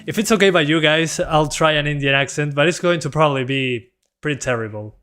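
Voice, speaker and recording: A man whose first language is Spanish, streaming a game in English, rambling in a relaxed, self-deprecating way and reading his chat aloud. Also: fairly high pitch, brisk, clear, resonant tone, faint music behind. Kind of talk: casual gameplay chat.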